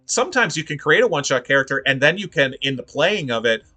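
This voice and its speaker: Bright-voiced man, animated and rambling. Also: a little high, fast. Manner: animated, rambling, laughs often. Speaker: podcast co-host. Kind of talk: casual chat.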